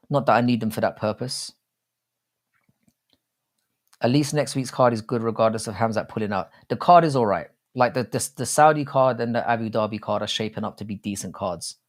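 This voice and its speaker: A young man hosting a casual live stream, rambling and swearing freely with many restarts. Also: lowish voice.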